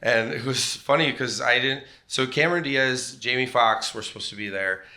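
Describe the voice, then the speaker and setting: Man, middle-aged, bright voice, rambling self-deprecating stage storyteller, comedy club. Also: medium pitch, moderate pace. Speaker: comedian guest.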